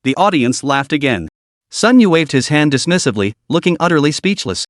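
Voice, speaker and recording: A man's voice: a little high, very animated, a little fast, no echo, clean studio sound. A man narrating a comic story recap in a scripted storytelling style, voicing every character himself.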